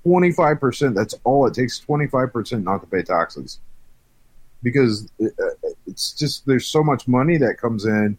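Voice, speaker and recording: A man's voice: medium pitch, expressive, normal speed, no echo. A man in an angry political rant, heated and profane, frustrated and on edge, stumbling over restarts.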